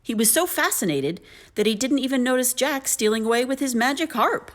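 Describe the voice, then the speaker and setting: A woman narrating a children's story aloud in an animated, lilting way. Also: on the high side, brisk.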